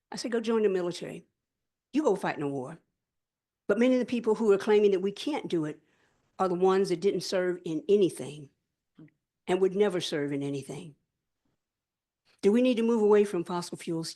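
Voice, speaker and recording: A middle-aged woman delivers an impassioned public speech, telling stories in an earnest, measured way. She repeats key phrases for weight and answers her own rhetorical questions with firm conviction. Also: medium pitch, animated, dark tone. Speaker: former state senator giving a speech.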